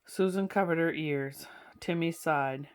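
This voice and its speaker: Low-voiced woman reading a storybook aloud. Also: measured pace, clean tone. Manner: warm, chatty asides between passages. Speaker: storyteller reading a children's book.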